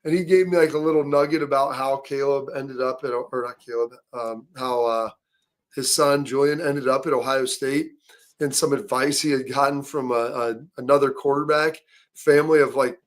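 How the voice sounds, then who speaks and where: A man's voice: mid-range voice, fairly even intonation, moderate pace. A man hosting a casual sports talk show, telling stories in a rambling way with many fillers and restarts. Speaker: show host.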